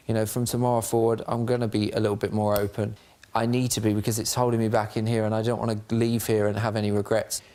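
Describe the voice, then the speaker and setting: A man's voice: fairly low pitch, flat delivery, fast talker, mellow. A man in a casual heart-to-heart chat, earnest and a bit hesitant as he opens up. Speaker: housemate.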